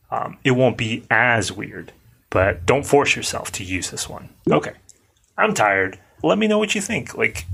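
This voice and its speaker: A man coaching English conversation in a casual, relaxed lesson, talking things through and stressing words for emphasis. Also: lowish voice.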